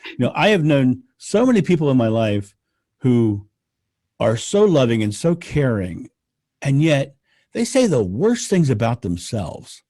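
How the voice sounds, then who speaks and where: Animated man with a lively voice. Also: medium pitch, unhurried, no room sound, studio quality. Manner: animated, laughs often, rants with enthusiasm. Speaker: podcast guest. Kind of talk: casual conversation.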